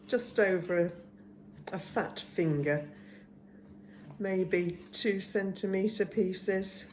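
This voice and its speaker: An older woman in her seventies talks through a home recipe in a low, mellow voice, taking her time with little fillers along the way. Her kitchen gives the sound a roomy echo, with a faint hum of ambience behind her. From England. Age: 70s. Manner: chatty, homely, unhurried with fillers. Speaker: home cook, channel host. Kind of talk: casual cooking demonstration.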